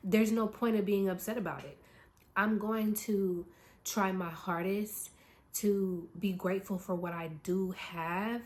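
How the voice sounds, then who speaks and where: Earnest woman with a lowish voice. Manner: earnest, emphatic, repeats points with "okay?". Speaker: spiritual content creator. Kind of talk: motivational talk to camera.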